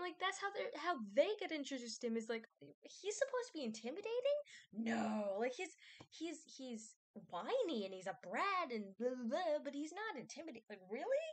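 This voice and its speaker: A woman vlogger rambling casually, with many fillers, restarts and self-doubt. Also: on the high side.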